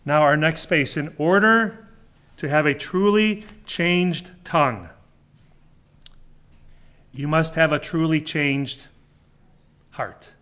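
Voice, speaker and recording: A man's voice: fairly high pitch, slow pace, long pauses, fairly bright tone. A male pastor preaching a sermon, emphatic and fond of rhetorical questions.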